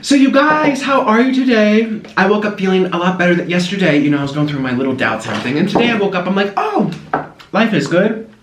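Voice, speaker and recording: A food vlogger chats casually to the camera during a mukbang, his high-pitched, fairly bright voice animated and fast with few pauses. Between bites he coos at his pet. The echoey room carries faint background noise.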